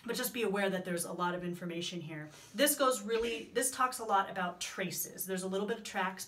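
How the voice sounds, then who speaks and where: A woman's voice: medium pitch, a bit bright. A woman explaining training materials to volunteers in a friendly, chatty way, with many ums and asides. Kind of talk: instructional training video.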